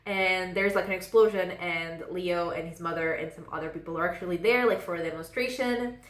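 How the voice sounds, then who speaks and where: A woman's voice: lowish voice, fairly quick. Female book vlogger, casual rambling recap, echoey room. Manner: rambling, fills with "like".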